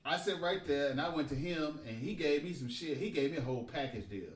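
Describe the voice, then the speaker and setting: A man telling a profane, animated story in casual podcast chat. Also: a little high, brisk, a little hiss or hum. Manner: animated, profane, emphatic retelling. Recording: roomy and distant from the mic.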